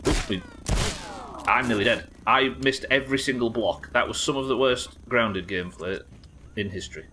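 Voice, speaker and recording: A man from the UK streaming a survival game live, yelling at the game, swearing, and reading out chat messages. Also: mid-range voice, unhurried, long pauses, heavy background noise. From United Kingdom. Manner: excitable, swears a lot, yells at the game.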